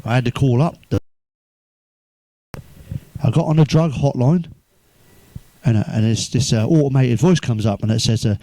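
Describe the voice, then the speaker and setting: English male comic, foul-mouthed deadpan joke-teller, dry close sound. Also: medium pitch, moderate pace, long pauses, dry recording. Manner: swears constantly, deadpan one-liners, chuckles at own jokes. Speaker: stand-up comedian. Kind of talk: crude stand-up joke telling.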